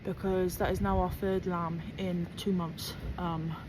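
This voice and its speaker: A woman's voice: on the low side, flat delivery, a little slow. Farm girl vlogging into her phone outside, loads of ums, wind and noise behind. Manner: chatty, lots of ums, talks while doing chores. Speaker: sheep farmer vlogger. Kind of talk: casual farm vlog chat. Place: outdoors on a farm.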